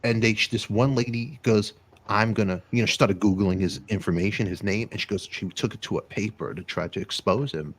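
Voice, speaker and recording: A man's voice: on the low side, brisk, hardly any pauses, husky. A middle-aged man hosting a casual livestream talk show, rambling through stories and joking with viewers. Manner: animated, rambling storyteller who jokes with viewers.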